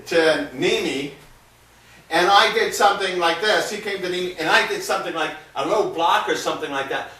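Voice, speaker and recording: Man, self-defense instructor, bright voice, plain teaching while demonstrating, very echoey room, mic at a distance. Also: high-pitched. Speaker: martial arts instructor.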